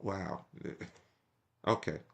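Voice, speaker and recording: A man's voice: very slow, a bit bright. A young man reacting to a political speech in casual, profane, mocking commentary.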